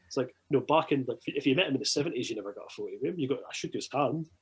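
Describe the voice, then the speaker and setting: A Scottish man chatting as a podcast guest, spinning an excitable story full of swearing and false starts. His voice is husky and sits in a middling pitch. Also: very fast, poor audio. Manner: excitable, swears often, many restarts. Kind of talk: casual chat, storytelling.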